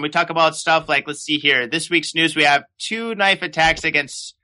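A man's voice: a little high, moderate pace, few pauses, sharp tone. A man hosting a podcast, chatting casually and swearing often. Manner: laid-back, swears often. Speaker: podcast host. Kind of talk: casual chat. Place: lives in Japan.

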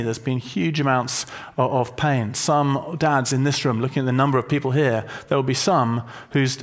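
A man preaching a sermon to a congregation, conversational and gently humorous as he explains a word. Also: mid-range voice. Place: church hall with a congregation.

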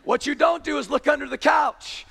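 A man preaching a sermon with passion, rising to shouts and dropping to hushed, intense lines. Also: extremely high pitch, moderate pace, creaky. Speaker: pastor. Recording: long hall reverb.

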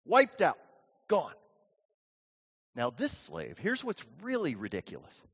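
High-voiced preacher in an echoing church. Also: male voice, wildly swooping pitch, takes it slowly, husky. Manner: storytelling, acting out the people he quotes. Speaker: pastor. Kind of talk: sermon. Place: church sanctuary. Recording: dull lo-fi audio with long hall reverb.

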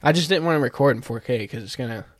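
A man's voice: mid-range voice, lively intonation, fast talker, dry recording, clean studio sound. A young man hosting a casual podcast chat, laid-back and joking, laughing a lot. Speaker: podcast host.

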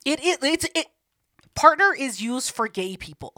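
A woman co-hosting a podcast, telling a story in casual chat, profane and animated, acting out what people said. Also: sits high, moderate pace, no echo, studio quality. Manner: profane, animated, acts out quotes. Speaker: podcast co-host.

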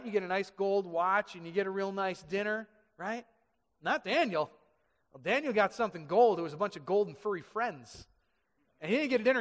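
A man preaching a sermon in an animated way, dropping to quiet and rising to shouts. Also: sits high. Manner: animated, swings from hushed to shouting. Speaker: pastor. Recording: echoey hall reverb.

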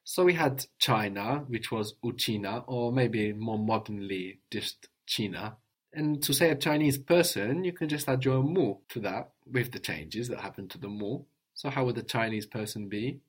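A man teaching a language lesson, patiently drilling words, repeating a learner's answers slowly and praising them. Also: medium pitch, slightly rough.

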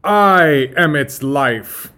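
A man's voice: a little high, animated, drawn-out words, pushed and bright, voice pushed up, full character voice. A man voicing a timid, nervous male lab assistant who stammers and hesitates.

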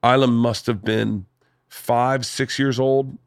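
A man hosting a podcast, telling stories in a loose, animated way and swearing freely. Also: mid-range voice, slow pace, no echo, clean studio sound. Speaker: podcast host. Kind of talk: casual storytelling chat.

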